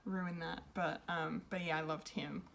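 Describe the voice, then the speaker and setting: A woman's voice: deep voice, level tone, a little slow, vocal fry, a bit bright, a little hiss or hum. A woman giving an unscripted film review, rambling and hesitant, with many ums and restarts. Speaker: pop culture reviewer.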